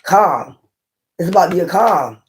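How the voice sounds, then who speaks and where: Here a woman with a lowish, animated voice reads tarot to camera at a slow pace, with slight background noise. Loose and casual, she curses without restraint, talks with passion, and keeps repeating herself emphatically while quizzing her audience.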